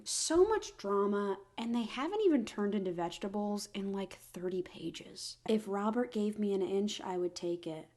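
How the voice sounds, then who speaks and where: A young woman riffs through a comedic book review in a wry, exasperated voice that swings into mock drama. Her pitch sits in an ordinary middle range. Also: moderate pace.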